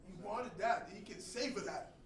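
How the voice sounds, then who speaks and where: A man teaching a sermon to a congregation, emphatic and swinging between loud and soft delivery. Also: high-pitched, moderate pace. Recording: echoey room, distant mic, faint noise.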